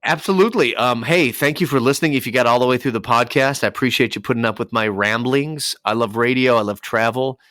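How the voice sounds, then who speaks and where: A man's voice: medium pitch, fast talker, few pauses, no room sound. Guy dj telling stories on a podcast, does all the voices, super dry mic. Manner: animated storyteller acting out dialogue. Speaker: radio DJ guest. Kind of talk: casual podcast interview.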